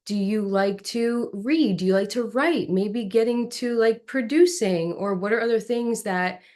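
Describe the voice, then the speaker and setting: A young adult woman, an actress, telling animated stories as an interview guest. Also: medium pitch, measured pace. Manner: animated, lively storyteller. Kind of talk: storytelling in an interview.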